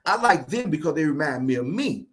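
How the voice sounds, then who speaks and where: A man guest telling stories in a fast, animated, playfully boastful way during a casual interview. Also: a little high. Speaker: guest speaker.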